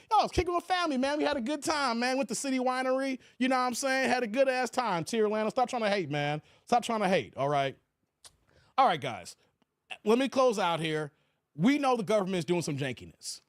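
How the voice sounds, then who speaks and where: With an extremely high pitch and brisk delivery, a man from the New York area hosts a live stream, reading chat out loud in an animated, slangy way and swearing freely. The audio is studio quality with no room sound.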